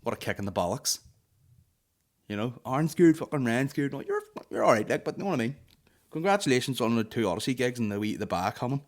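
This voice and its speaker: A man's voice: mid-range voice, expressive, fast. A man with a Northern Irish accent hosting a comedy podcast, telling sweary, rambling stories and slipping into put-on voices. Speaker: podcast host. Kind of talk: casual comedy monologue.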